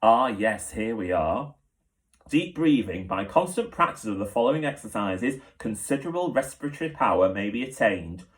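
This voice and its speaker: A man's voice: fairly low pitch, big pitch swings, moderate pace. A man reading aloud and voicing a chatty, cheerfully boastful male wolf in a storybook. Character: boastful hopeful black wolf, male adult.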